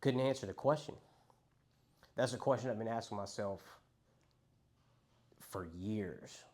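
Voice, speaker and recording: A young man with a lowish, slightly dark voice, speaking a little slowly, candidly recounts his own addiction and recovery. He rambles, swears casually, and acts out what other people said to him.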